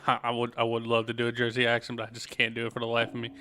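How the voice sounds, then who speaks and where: Bright-voiced man chatting over gameplay. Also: medium pitch, monotone, fast talker. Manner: chatty, self-deprecating, muttering asides. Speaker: streamer. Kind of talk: casual gameplay commentary.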